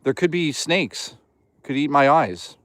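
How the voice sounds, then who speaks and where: A man's voice: on the high side, expressive, slow pace, a bit bright, no room sound. Joking man streaming from the woods. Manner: joking, loose and teasing with chat. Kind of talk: casual livestream chat. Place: outdoors in the woods.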